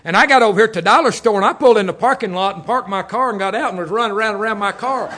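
Man, older, preacher, joking folksy sermon, bright ringing voice. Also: high-pitched, very fast. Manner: jokey, storytelling, chuckles often.

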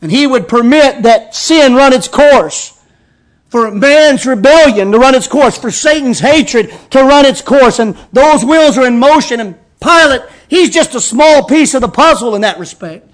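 A man preaching a sermon as pastor, reading scripture slowly and with emphasis. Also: very high-pitched, expressive.

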